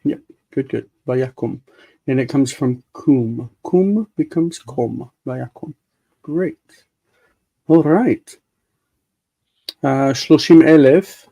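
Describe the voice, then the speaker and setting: A man hosting a live-streamed Hebrew study group, patiently explaining grammar and sounding words out slowly. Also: medium pitch, gravelly, warm tone, muffled recording. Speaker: host leading a live Hebrew reading group.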